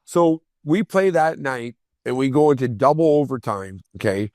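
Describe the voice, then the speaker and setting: Man, podcast guest, former hockey player, salty and animated storytelling, dry close sound. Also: medium pitch, normal speed, no echo. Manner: profane, animated, acts out quoted voices.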